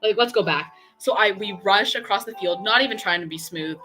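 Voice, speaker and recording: Excitable chatty young woman, bright voice. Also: medium pitch, a little fast, faint music behind. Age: young adult. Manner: chatty, excitable, lots of fillers and quoted dialogue. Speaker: streamer. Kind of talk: casual storytelling while painting on stream.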